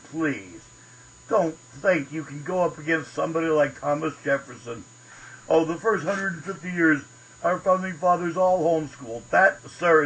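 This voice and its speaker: A man from Pennsylvania hosts a ranting political commentary, indignant and combative, swearing freely. His voice sits a bit high, with a sharp edge, a gravelly fry and a husky grain. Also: poor audio. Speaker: host.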